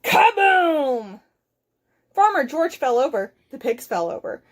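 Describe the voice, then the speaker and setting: A woman, a children's librarian, reading a picture book aloud with expressive, clearly enunciated storytelling. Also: high-pitched, normal speed.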